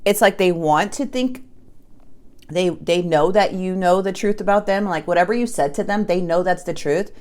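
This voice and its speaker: A woman with a slightly low voice gives a casual tarot reading. She talks straight to the viewer and leans hard on her points in a blunt, emphatic way. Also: normal speed, a little mellow. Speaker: tarot card reader.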